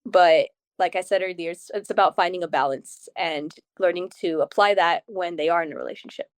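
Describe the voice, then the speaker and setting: A woman's voice: fairly low pitch, clean tone, no echo. Chatty young woman telling stories animatedly. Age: young adult. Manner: chatty, animated storytelling with quick asides. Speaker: guest's daughter. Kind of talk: casual interview chat.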